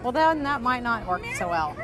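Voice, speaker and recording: A woman calls a hometown parade live, chatty and teasing. Her voice sits high and bounces around a lot. Outdoors with a loud crowd all around. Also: big pitch swings, normal speed. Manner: chatty and playful, bantering. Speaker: parade commentator for local TV. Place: outdoors at a street parade in the cold.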